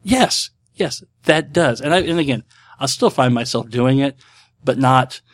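A man's voice: medium pitch, moderate pace, no echo. A middle-aged man hosting and answering viewer questions in casual talk. His speech is rambling and reflective, with many restarts and filler words.

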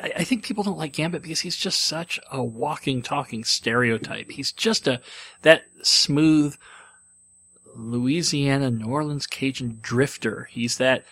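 A young man rambles through a casual monologue, wry and self-mocking, with plenty of ums and false starts. His voice sits at an ordinary middle pitch for a man. He is talking alone and keeps circling back on his own thoughts. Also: measured pace, a bit bright. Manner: self-deprecating, wry, rambling with many fillers. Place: in a car.

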